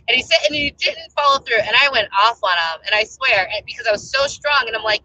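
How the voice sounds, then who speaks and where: A young adult woman giving casual relationship advice as a coach, animated and emphatic as she tells stories. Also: fairly high pitch, a little fast, slight background noise, poor audio. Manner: animated, emphatic storytelling with acted-out rants.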